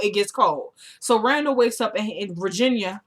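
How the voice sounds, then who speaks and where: A woman's voice: medium pitch, brisk, hardly any pauses. Chatty young woman recapping a TV episode. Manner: chatty, retells scenes quoting characters with 'he's like'; gets loud and excited at twists. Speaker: TV recap vlogger.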